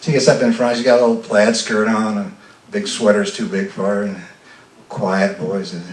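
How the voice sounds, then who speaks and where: A man's voice: fairly low pitch, level tone, moderate pace, a little hiss or hum. An older man from the American South telling a folksy, self-deprecating story live on a festival stage, often stammering and restarting. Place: festival stage before an audience. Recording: roomy sound from a distant mic.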